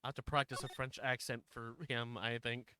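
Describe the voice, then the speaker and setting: A man's voice: mid-range voice, flat delivery, moderate pace. Chatty male streamer over game music. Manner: rambling, self-deprecating, swears at mistakes. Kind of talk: casual gameplay commentary.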